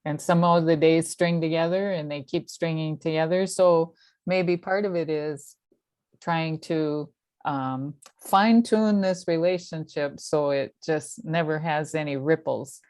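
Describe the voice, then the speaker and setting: A woman's voice: deep voice, measured pace, darkish tone, no echo, clean studio sound. A woman hosting a conversation, reflective, summing things up and laughing easily. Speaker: host. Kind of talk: casual conversation.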